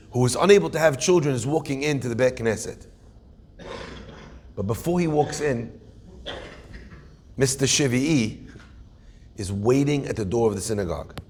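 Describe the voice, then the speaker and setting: A rabbi telling a story in a sermon, animated, acting out characters with punchy asides. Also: male voice, mid-range voice, slight background noise.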